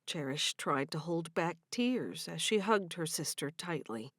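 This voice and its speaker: A woman narrating a sweet romance audiobook in a gentle, measured way. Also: low voice, expressive, no echo, studio quality. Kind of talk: scripted narration.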